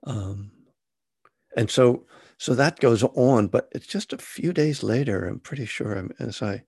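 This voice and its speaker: A man's voice: medium pitch, animated, moderate pace, darkish tone, breathy edge, no room sound, studio quality. A man, an author, telling a personal story in a casual, rambling, self-deprecating way with many restarts.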